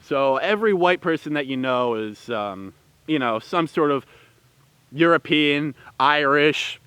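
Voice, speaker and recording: A man's voice: a little high, animated, measured pace, a bit bright, clean tone, no echo. A man giving a rambling, heated opinion commentary with many fillers and restarts. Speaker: vlogger.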